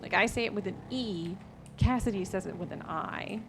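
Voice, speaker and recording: A woman's voice: medium pitch, moderate pace, background noise. A young woman from the American South chatting casually on a stream, rambling with lots of fillers and restarts.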